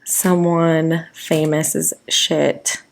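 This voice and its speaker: A young woman from the American Midwest chats casually as a podcast co-host. Her voice sits a little low, and her talk rambles and giggles, full of fillers and quick asides. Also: flat delivery, gravelly. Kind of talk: casual chat.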